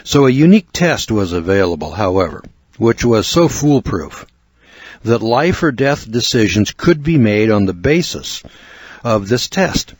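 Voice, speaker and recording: An older American man reads and explains a book review in an earnest, measured lecturing manner. His voice sits on the low side and is recorded close and dry, with no room sound. He talks steadily, pausing now and then for asides. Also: big pitch swings, no room sound. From United States. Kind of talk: spoken book review narration.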